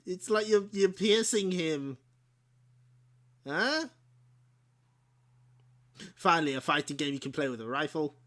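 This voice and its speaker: A man's voice: fairly high pitch, expressive, unhurried, long pauses, sharp tone. A man hosting a game stream, chatting casually and laughing often as he shows off old game discs. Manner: chatty, giggly, self-correcting. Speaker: streamer host.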